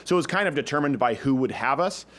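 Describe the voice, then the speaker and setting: A man's voice: medium pitch, lively intonation, fast, a bit bright. A man hosting a talk show, chatting casually and joking with energy. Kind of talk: casual comedic chat.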